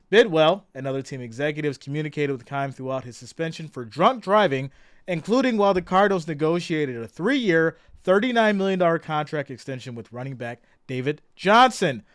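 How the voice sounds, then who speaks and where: Excitable man hosting a live stream. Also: smooth, no echo, studio quality. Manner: loud and excitable, swinging between shouted hype and low asides; greets chat viewers by name. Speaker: sports livestream host. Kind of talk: casual live-stream commentary.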